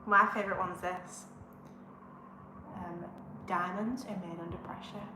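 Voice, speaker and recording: A woman's voice: lowish voice, fairly even intonation, unhurried, reverberant, background noise. A woman co-hosting a casual livestream and chipping in with short, teasing remarks. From northern England. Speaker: co-host of a travel channel.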